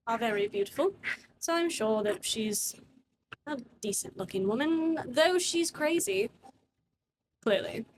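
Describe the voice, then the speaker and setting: A woman's voice: on the high side, noisy background. A woman doing a tipsy, callous young nobleman. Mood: offhand. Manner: offhand, drawling and dismissive.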